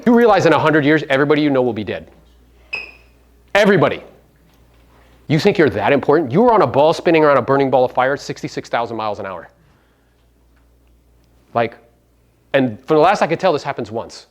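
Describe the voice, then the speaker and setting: A man coaching a live audience at a seminar, brash and profane, firing rhetorical questions at the room and swinging between loud punches and low asides. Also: big pitch swings, a little fast, long pauses. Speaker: real estate coach and podcast host.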